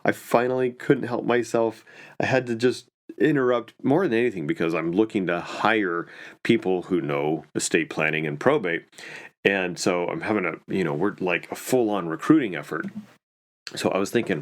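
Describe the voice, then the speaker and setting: Low-voiced chatty lawyer, a man. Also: lively intonation, normal speed. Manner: chatty, many fillers and restarts. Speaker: estate planning and probate attorney. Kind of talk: casual storytelling talk.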